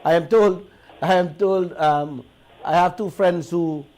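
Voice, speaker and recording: A man with a Guyanese accent hosting a radio talk show, telling stories in an animated, indignant way and repeating himself. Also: sits high, measured pace, poor audio. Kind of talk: heated talk radio monologue.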